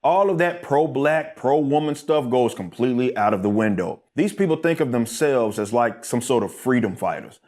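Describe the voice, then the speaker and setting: A male narrator reading a scripted commentary at a measured, even pace. His tone is critical and deliberate, and he delivers each point as a prepared reading. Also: mid-range voice.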